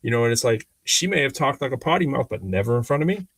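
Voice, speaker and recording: A man's voice: mid-range voice, fast, slightly rough, dry recording. A man co-hosting a podcast, talking casually and animatedly with frequent restarts. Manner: animated storyteller, lots of restarts. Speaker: podcast co-host. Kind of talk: casual conversation.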